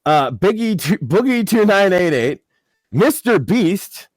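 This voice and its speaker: A man co-hosting a podcast, reading out mock award nominations in a deadpan way with many filler uhs. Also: sits high, takes it slowly, no echo. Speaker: podcast co-host.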